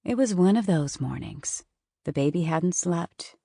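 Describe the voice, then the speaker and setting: Husky woman reading an audiobook, low voice, wry and chatty, dry close sound. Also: expressive, a little slow, warm tone, no room sound. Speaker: audiobook narrator. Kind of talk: scripted narration.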